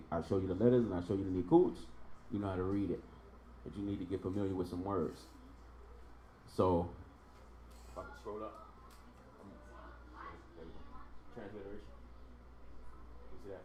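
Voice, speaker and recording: Patient male language teacher, slightly low voice, echoey room. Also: fairly even intonation, brisk, pauses often, dark tone, a little hiss or hum. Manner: patient, repeats sounds for drilling. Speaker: Hebrew teacher. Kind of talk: online language lesson.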